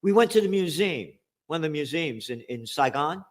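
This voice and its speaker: At a moderate pace and a fairly high pitch, a man hosts a heated political talk show, reading aloud from a source and mocking it. He's sarcastic and animated, peppering the text with snide asides.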